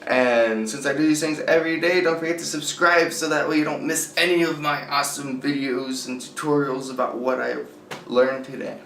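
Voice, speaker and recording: A man's voice: on the high side, steady tone, fairly bright tone, slight background noise. Chatty man in an echoey room. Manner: chatty and loose, slows right down to spell out words. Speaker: video host teaching beginner Japanese. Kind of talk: casual vlog tutorial. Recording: echoey room, distant from the mic, faint ambience.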